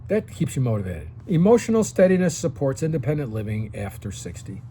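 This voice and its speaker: Casting: man, sixties, mid-pitched, easygoing coaching vlogger who keeps asking "okay?". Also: very animated, brisk, dark tone, a little hiss or hum. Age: 60s. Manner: coaching tone, often tags sentences with "okay?". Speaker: vlogger giving advice to seniors. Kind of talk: casual direct-to-camera advice.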